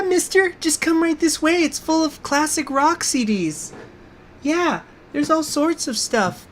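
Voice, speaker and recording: A man putting on the voice of a sweet-talking little girl who lures a grown man into a van, for a joke during a gameplay stream. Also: a little hiss or hum. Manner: high, coaxing, wheedling. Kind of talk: comic impression in a gameplay stream.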